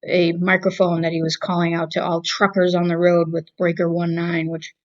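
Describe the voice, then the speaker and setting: A woman's voice: lowish voice, level tone, moderate pace, highs cut off. A woman with a Boston accent, co-hosting a casual movie review chat and telling rambling, wry stories. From Massachusetts. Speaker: podcast co-host.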